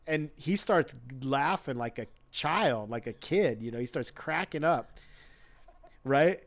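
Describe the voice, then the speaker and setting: A man's voice: on the high side, animated, unhurried. A man, a guest, telling a casual anecdote in a rambling way, full of fillers and acted-out quotes. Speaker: guest creature mask maker.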